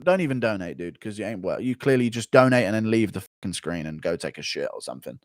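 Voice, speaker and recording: A man's voice: fairly low pitch, sing-song, dry recording, clean studio sound. A young man hosting a livestream, chatting casually, reading out donations and swearing freely as he rants. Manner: profane, ranting, quick to flare up. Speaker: livestream host.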